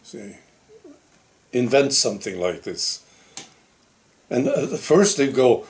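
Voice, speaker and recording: Slow, halting man. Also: mid-range voice, animated. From Sweden. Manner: slow, halting, restarts often. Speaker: commentary channel host. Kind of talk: casual monologue commentary.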